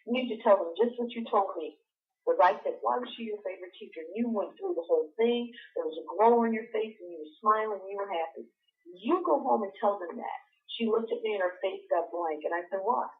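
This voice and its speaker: Woman, middle-aged, teacher, animated storyteller, acts out voices, thin phone-line sound. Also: medium pitch, fairly quick. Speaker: guest teacher. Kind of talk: storytelling in a radio talk show. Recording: phone-line call-in audio.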